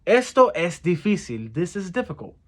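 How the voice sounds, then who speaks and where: A man with a slightly raised pitch walks through a casual language lesson. He repeats each phrase slowly, stumbles, and corrects himself with easy fillers. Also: big pitch swings. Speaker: Spanish phrase teacher.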